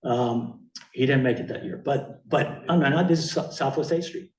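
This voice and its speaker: A man's voice: mid-range voice, moderate pace. Rambling older man, echoey distant mic. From Miami. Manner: rambling, many fillers, chuckling often. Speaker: guest speaker, photographer. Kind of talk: casual talk presenting slides. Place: meeting hall with audience. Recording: echoey hall from far off.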